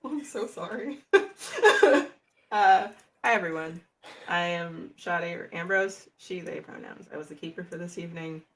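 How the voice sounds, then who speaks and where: A woman's voice: lowish voice, animated, unhurried, fairly bright tone. A woman narrating a tabletop game as game master, casual and chatty.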